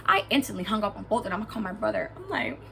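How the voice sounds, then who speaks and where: A young woman telling a storytime vlog, lively and swearing freely, acting out what people said to her. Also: mid-range voice, racing, creaky, a little hiss or hum. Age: young adult. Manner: animated, swearing, acts out quotes. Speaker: vlogger. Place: indoors, lying down at home.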